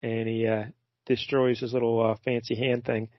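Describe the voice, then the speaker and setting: Relaxed male podcast co-host, loose and rambling, on a dull dry remote line. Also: medium pitch, moderate pace, no room sound. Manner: laid-back, rambling with many fillers. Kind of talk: casual chat recapping a comic.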